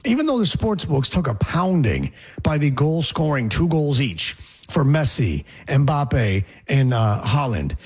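A man's voice: mid-range voice, sing-song, a little slow, darkish tone, breathy edge. A man hosting a sports talk show, chatting casually with rambling, sarcastic asides.

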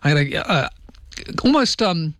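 A man's voice: a little high, sing-song, a little slow, a bit bright, dry recording. A man with an Australian accent hosting late-night talkback radio, joking his way through listener texts in a wry, chatty manner on a studio mic. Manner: wry, jokey, reads listener texts aloud. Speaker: radio host. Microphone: studio microphone.

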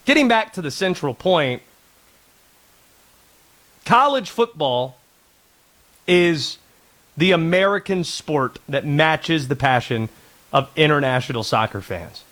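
A sports talk radio host, a man in his thirties, riffs in a casual, sarcastic, rambling way. His voice climbs and drops a lot as he talks, and it sits a little on the high side. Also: expressive, slow, pauses often, a bit bright.

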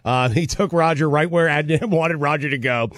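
Teasing co-host with a raised voice. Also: male voice, a little high, moderate pace, fairly bright tone, dry recording, clean studio sound. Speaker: sports radio co-host. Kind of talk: radio talk show banter.

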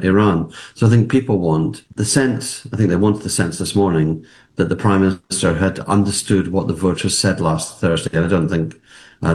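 A man's voice: low-pitched, a little mellow. A man, a political commentator, arguing his points emphatically in a news interview, often repeating words as he presses on.

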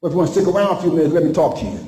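A male preacher delivering a sermon with passion, dramatic pauses and acted-out voices. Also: a little high, lively intonation, warm tone, echoey room.

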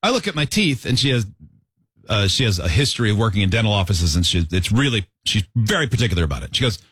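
A man talks in a joking, lively way, his pitch moving a lot. His voice is a little husky. The recording is dry and close. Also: fast, dry recording. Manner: joking, lively, self-deprecating. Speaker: podcast co-host. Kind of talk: casual chat.

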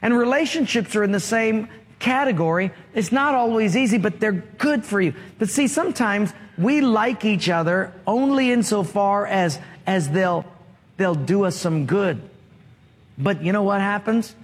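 A man's voice: high-pitched, expressive, moderate pace. A male pastor preaching a sermon, asking rhetorical questions and drawing call-and-response from the congregation. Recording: long reverb of a large hall.

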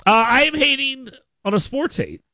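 A male radio show host in casual talk radio banter, animated and rambling, often restarting words and stammering. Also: very high-pitched, normal speed, noisy background.

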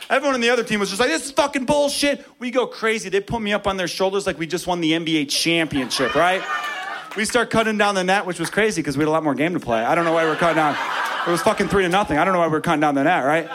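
A man on a comedy stage telling a story with animated, profane energy. His voice sits somewhat high. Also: racing, noisy background. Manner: animated, profane, acts out characters. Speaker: stand-up comedian. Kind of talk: stand-up storytelling.

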